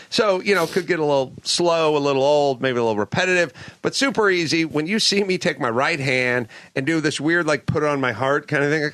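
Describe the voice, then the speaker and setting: A man hosting a podcast, telling a casual story and acting out the people he quotes with lively voices. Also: medium pitch, a little fast, hardly any pauses, dry recording. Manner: animated, acts out quotes in other voices. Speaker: podcast host. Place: ship cabin.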